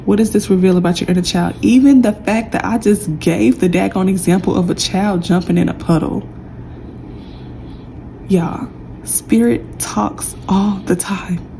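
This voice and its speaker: A woman's voice: mid-range voice, fairly quick, creaky, hardly any pauses, slight background noise, rough recording. A young woman giving a casual tarot reading, chatty and emotional, talking straight to her viewers. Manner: chatty, warm and emotional, says y'all a lot. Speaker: tarot reader.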